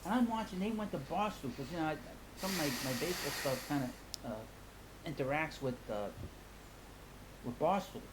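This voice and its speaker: A man's voice: fairly high pitch, poor audio. Mocking man rambling over hiss. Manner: mocking and gossipy, laughs at others. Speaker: comic book channel host. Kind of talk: casual rambling monologue.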